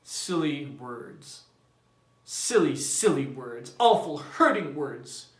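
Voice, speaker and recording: A man's voice: fairly high pitch, big pitch swings, slow. A man voicing a prim, self-righteous woman who scolds in a raised voice. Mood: scornful. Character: shrill indignant middle-aged woman, prim. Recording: roomy echo.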